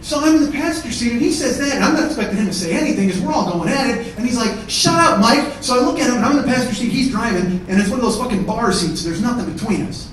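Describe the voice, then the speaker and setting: A man doing stand-up comedy, telling a profane story and shouting out the heated parts. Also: extremely high pitch, expressive, very fast, few pauses, a little hiss or hum. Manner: profane, escalates to shouting in acted-out arguments. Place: theatre stage before a live audience. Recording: echoey theatre, mic at a distance.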